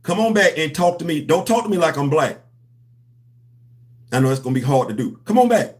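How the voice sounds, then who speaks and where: A man with hosting a comics livestream, talking to his chat in an animated, preachy, slangy way. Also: fairly high pitch, fairly quick. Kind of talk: casual livestream commentary.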